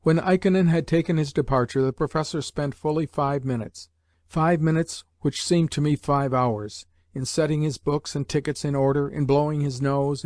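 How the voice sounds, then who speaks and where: Measured male audiobook narrator, dry sound. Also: medium pitch, darkish tone, no echo. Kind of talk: scripted narration.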